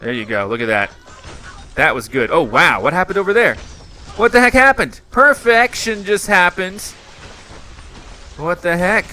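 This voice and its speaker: A man hosting a reaction channel and playing a mobile game, his commentary swinging between muttered frustration and loud yelps. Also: medium pitch. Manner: dramatic swings from muttering to yelling. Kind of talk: excitable gameplay commentary.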